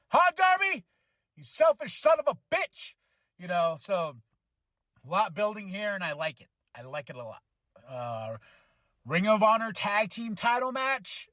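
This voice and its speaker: A man hosting a wrestling podcast, reviewing a show in an excitable, slangy way and breaking into shouts when thrilled. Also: high voice, no room sound. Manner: casual slangy delivery, laughs often.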